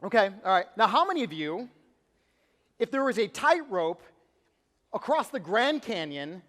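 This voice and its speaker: A man's voice: sits high, sing-song, normal speed, fairly bright tone. A young man preaching a youth sermon, telling a story animatedly and acting out what people said. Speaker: youth pastor. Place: large church auditorium. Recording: long reverb of a large hall.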